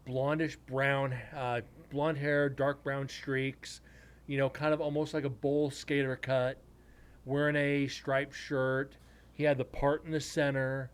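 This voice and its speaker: A man's voice: medium pitch, clear, resonant tone. Casual man telling a ghost story. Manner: rambling, with crude jokes to the chat. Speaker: paranormal investigator hosting a live stream. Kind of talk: casual storytelling to a live chat.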